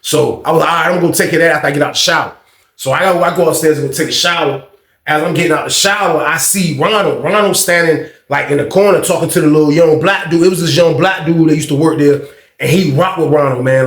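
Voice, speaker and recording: A man's voice: a little high, brisk, echoey room. A man in his thirties casually telling a story, full of slang and "like" and "man". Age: 30s.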